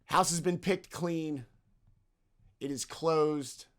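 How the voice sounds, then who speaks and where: A man's voice: fairly high pitch, slow pace, pitched above the performer's own voice. A man voicing a menacing hooded male thief guild enforcer who speaks in a commanding, formal tone. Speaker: game master.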